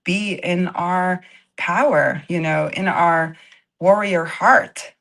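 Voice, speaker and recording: Woman on a video call, kinda low voice, chatty and animated, laughs a lot. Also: slow, creaky. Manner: animated, drops into Brazilian Portuguese phrases, laughs often. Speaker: retreat co-host and cacao facilitator. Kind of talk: casual live-stream chat.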